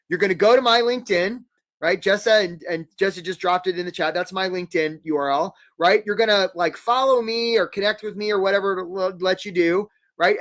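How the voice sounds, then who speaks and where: A man hosting a live career webinar, energetic and jokey, acting out quick little quoted voices. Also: high-pitched.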